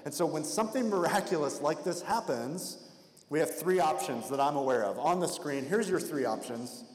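A man's voice: on the high side, animated, moderate pace, a little mellow. Guy preaching a sermon, chatty, does little voices for the people in the story, big echoey church room. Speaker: pastor. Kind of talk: expository sermon. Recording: echoey hall with long reverb.

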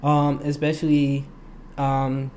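A man's voice: mid-range voice, monotone, slow pace, darkish tone, slight background noise. A young man hosting his own podcast, talking casually in a rambling way and laughing often. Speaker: podcast host. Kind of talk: casual solo podcast monologue.

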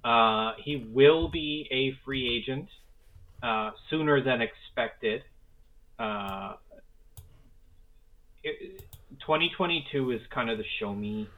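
A man's voice: mid-range voice, slow, pauses often. A man co-hosting a casual sports podcast, talking in an enthusiastic, rambling way with casual swearing. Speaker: podcast co-host. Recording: phone-like narrow sound.

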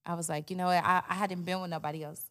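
A woman's voice: on the low side, flat delivery, racing. A young woman, a guest in a candid interview, talking bluntly and animatedly and swearing freely.

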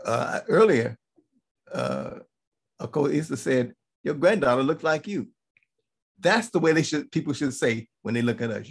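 A man delivers a Bible teaching sermon in a gravelly voice. His tone is husky rather than clear, and his pitch sits in a middle range. He drives each point home by repeating it and asking "okay?" as he goes. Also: lively intonation, moderate pace. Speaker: teacher of a congregation.

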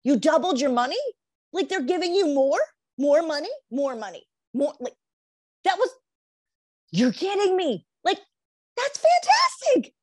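A woman's voice: high-pitched, big pitch swings, measured pace, pauses often, dry recording, voice pushed up. A woman acting out an overjoyed friend who is hearing great news, gasping and repeating her exclamations. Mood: ecstatic. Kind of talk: acted demonstration.

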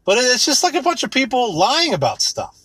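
A man's voice: very high voice, huge pitch swings, a little fast, fairly bright tone, breathy edge, no echo. A man in his thirties ranting with rambling sarcasm and heavy swearing, mocking things in put-on voices. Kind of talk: profane comedic rant.

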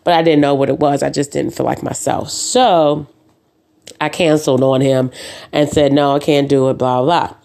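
A woman's voice: low-pitched, steady tone, normal speed, creaky, warm tone. A woman hosting her own podcast, telling personal stories in a casual, chatty way and acting out the back-and-forth of her conversations. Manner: chatty storyteller who acts out dialogue; says "um" and "uh" often. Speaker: podcast host. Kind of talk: casual chat.

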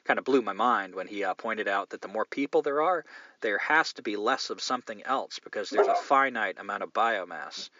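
A man's voice: on the low side, fairly quick, dull audio, heavy background noise. A man hosting a podcast, chatting candidly in a loose, rambling way and swearing now and then. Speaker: podcast host. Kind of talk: casual chat, reading listener mail.

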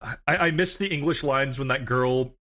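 A man's voice: medium pitch, moderate pace. A young American man chatting casually, joking with plenty of swearing. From United States. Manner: profane, joking, animated. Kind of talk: casual chat.

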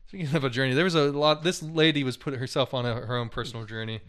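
A man's voice: mid-range voice, fairly even intonation, quick pace, fairly bright tone. A young man co-hosting a casual podcast, retelling news stories in a loose, chatty way, with lots of "like" and "dude" and frequent laughter. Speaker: podcast co-host.

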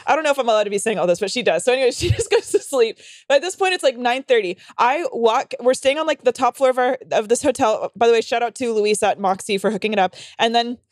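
A young woman comedian spins a rambling, profane story on a podcast, packed with fillers and dramatic acted-out quotes. She talks at a rapid clip in a fairly high voice. The sound is close and dry. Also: animated, no echo. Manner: rambling, frequent "like" fillers, heavy swearing. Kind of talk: casual storytelling chat.

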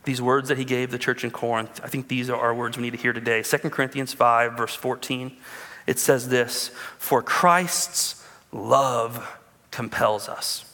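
A man in his thirties, a pastor preaching a sermon with animated storytelling and calls to the congregation. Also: mid-range voice, a little fast, long reverb tail.

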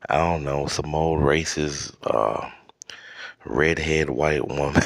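A man hosting a podcast, delivering a rambling, profane comedic rant with halting restarts. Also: rumbling low, fairly even intonation. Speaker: podcast host.

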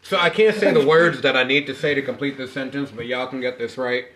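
A man's voice: mid-range voice, fairly quick. A man co-hosting a casual podcast, telling family stories with lots of swearing and acted-out quotes. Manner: animated storyteller, profane, acts out quotes. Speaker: podcast co-host.

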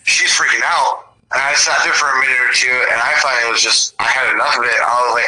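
A man's voice: mid-range voice, fast, poor audio. A young man from the Seattle area telling rambling, profanity-laced stories in casual chat. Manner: profane, rambling, animated storyteller.

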